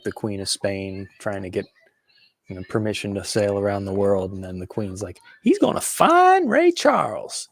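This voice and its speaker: A man guesting on a music podcast, telling a relaxed story with dry humor over an online call. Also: lowish voice, dry recording. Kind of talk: casual chat.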